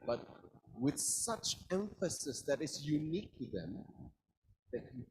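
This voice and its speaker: Brief: young man, session leader, unhurried and very lively pitch, playful demonstrations, faint hiss behind. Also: poor audio. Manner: playful, demonstrative, shifts stress and volume to show emphasis. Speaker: speaker at a university communication session. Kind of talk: lively public speaking demonstration.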